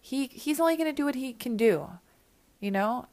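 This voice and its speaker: A woman's voice: high-pitched, animated, moderate pace, a little mellow. A woman hosting an advice podcast, talking casually and earnestly, rambling with restarts and repeating her points for emphasis. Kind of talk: casual, heartfelt advice chat.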